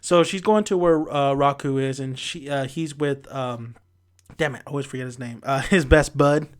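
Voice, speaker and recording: A man's voice: medium pitch, normal speed, smooth. A man hosting a casual review chat, retelling events energetically with loose fillers and restarts. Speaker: manga reviewer.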